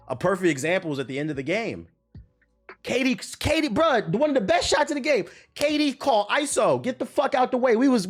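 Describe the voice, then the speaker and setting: Heated, profane male streamer ranting. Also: medium pitch. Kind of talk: animated live-stream rant.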